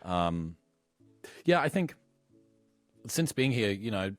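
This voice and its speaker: Low-voiced British podcast host, dry sound. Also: male voice, very animated, slow pace, no room sound, faint music behind. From United Kingdom. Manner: reflective, fluent, dry humor. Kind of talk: conversational podcast interview.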